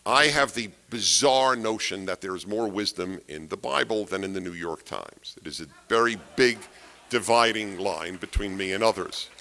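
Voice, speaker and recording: Bright-voiced man lecturing emphatically. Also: on the low side. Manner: emphatic, repeats key phrases, asks rhetorical questions. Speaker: speaker giving a talk. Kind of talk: political lecture to an audience.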